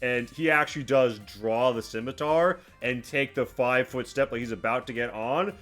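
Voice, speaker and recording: A man narrating a tabletop role-playing game as game master, telling the scene in a halting way with many fillers and restarts. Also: medium pitch, fairly bright tone, soft background music.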